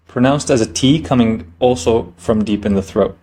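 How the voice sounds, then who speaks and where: A man teaching a language lesson, explaining each letter patiently, checking in with "okay?" and slowing down to model the sounds. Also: mid-range voice, dark tone. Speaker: Arabic teacher.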